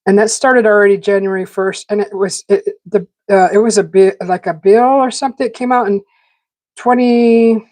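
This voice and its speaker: A woman's voice: medium pitch, darkish tone, no room sound. A woman hosting a live stream, rambling in casual chat with many fillers and restarts, talking while eating. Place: home garden setting.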